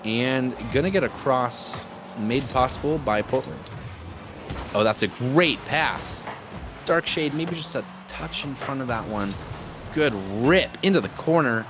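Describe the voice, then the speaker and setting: A man casting a live esports match as play-by-play commentator, jokey and excitable with loud bursts of enthusiasm. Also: mid-range voice, a little slow, background noise. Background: music.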